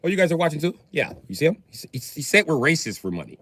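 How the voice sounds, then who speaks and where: Sarcastic livestreaming man, lively pitch. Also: rapid-fire, a little hiss or hum. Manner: sarcastic, profane, mock-serious. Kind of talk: casual live-stream chat.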